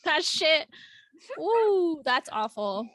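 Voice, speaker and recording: A woman's voice: high-pitched, sing-song, drawn-out words, a bit bright, no room sound, clean studio sound. A woman co-hosting a podcast, reacting bluntly and outspokenly in casual chat. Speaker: podcast co-host.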